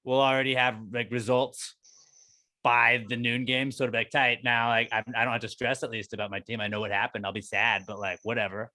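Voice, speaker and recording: A man's voice: mid-range voice, level tone, a little fast, bright, forceful tone. An American man hosting a podcast, chatting loosely and plugging the show. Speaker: podcast host. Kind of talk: casual chat.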